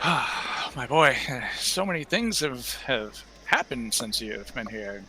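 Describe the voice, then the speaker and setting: A man voicing an elderly, gentle and worried temple priest who talks haltingly, with many restarts and sighs. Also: medium pitch, sing-song, slight background noise, heavily acted. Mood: fatherly, concerned. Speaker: game master. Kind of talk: in-character tabletop roleplay.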